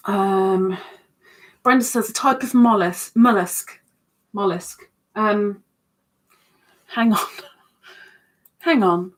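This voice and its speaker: Lady on a home livestream, slow easy chat, pokes fun at herself, reads out the comments. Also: medium pitch, expressive. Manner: chatty and self-mocking, reads out comments. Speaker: livestream host. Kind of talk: casual livestream chat reading viewer comments.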